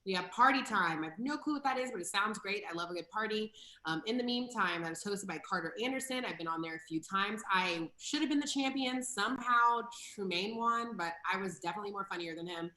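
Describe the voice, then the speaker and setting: A woman's voice: mid-range voice, lively intonation, brisk, bright, forceful tone. A woman co-hosting a comedy stream, bantering casually and plugging shows and donations in a brash, playful, self-deprecating way. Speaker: comedy show co-host. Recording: roomy echo.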